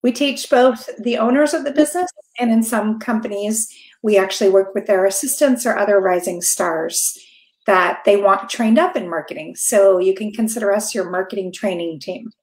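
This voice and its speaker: A woman's voice: medium pitch, normal speed. A middle-aged woman, a marketing coach and guest, presenting on a business webinar in an upbeat, direct way that often checks in with her listeners. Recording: roomy echo.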